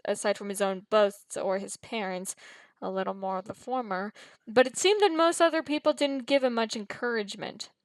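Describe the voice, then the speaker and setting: A woman's voice: mid-range voice, no room sound, rough recording. A woman narrating a fan fiction story aloud, often tripping over words and restarting. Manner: frequent stumbles and restarts.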